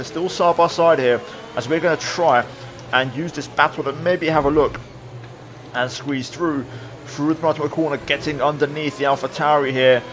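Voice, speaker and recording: A man talking through a replay of his own online race, relaxed and reflective, with many fillers. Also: fairly high pitch, a little hiss or hum. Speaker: sim racing video creator. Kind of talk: replay commentary voice-over.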